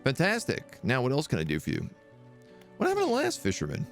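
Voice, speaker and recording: A man doing a brisk, gossipy town mayor. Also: medium pitch, wildly swooping pitch, faint music behind, voice pushed up. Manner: brisk, chatty, faintly disdainful.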